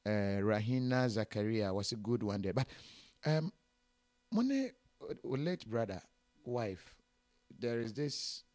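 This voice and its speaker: Ghanaian guy interviewer, lowish voice, lots of ums, dry sound. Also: animated, takes it slowly, long pauses, a little mellow, no room sound. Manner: hesitant, many fillers. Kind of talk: casual interview.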